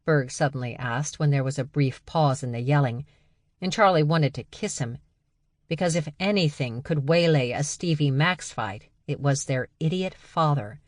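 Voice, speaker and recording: Low-voiced woman narrating a book. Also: normal speed, no echo, studio quality. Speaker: audiobook narrator. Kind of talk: scripted narration.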